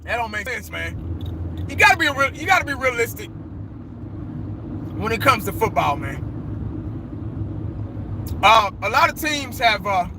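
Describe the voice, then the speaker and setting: A man's voice: very high voice, big pitch swings, unhurried, pauses often, noisy background. A man, a sports fan, giving a casual, profane rant in street slang.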